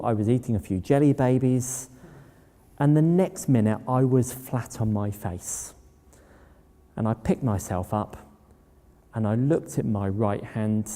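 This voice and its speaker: Long hall reverb surrounds a man with a medium-pitched, mellow voice as he gives a storytelling talk. He's a public speaker who recounts his own experiences in a simple, anecdotal style.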